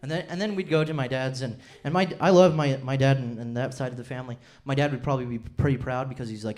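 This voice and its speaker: A young man from Utah performing a stand-up comedy set on a club stage with a handheld mic. He is chatty and self-deprecating, and he slips into quick impressions of his family. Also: medium pitch, fairly even intonation, a little mellow. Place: comedy club stage before a laughing audience.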